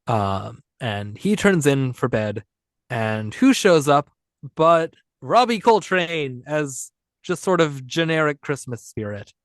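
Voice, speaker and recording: A man's voice: fairly high pitch, very animated, slow pace, no echo, clean studio sound. A man co-hosting a podcast, rambling and joking in casual chat. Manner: rambling, chatty, jokey. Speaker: podcast co-host.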